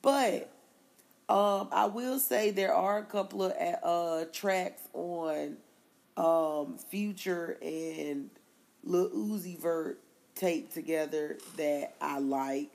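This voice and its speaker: Brief: female podcast co-host, casual rambling music talk, frequent laughs, lots of vocal fry. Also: fairly low pitch, a little mellow. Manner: rambling, laughs often, quick asides. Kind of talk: casual chat about music.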